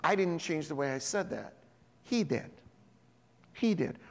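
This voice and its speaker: Animated pastor preaching in a reverberant hall. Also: male voice, on the high side, unhurried, vocal fry. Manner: animated storytelling, acting out voices in quotes. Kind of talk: sermon. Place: church hall.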